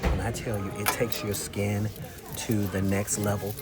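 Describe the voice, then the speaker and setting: A man chatting casually to camera in a weekly vlog, telling stories and showing off products in an animated, talkative way. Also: on the low side, measured pace, over loud music. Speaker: vlogger. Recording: noticeable background noise.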